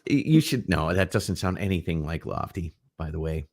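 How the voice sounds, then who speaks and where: Low-voiced rambling man chatting. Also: normal speed. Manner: rambling, animated storyteller. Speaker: livestream co-host. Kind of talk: casual chat.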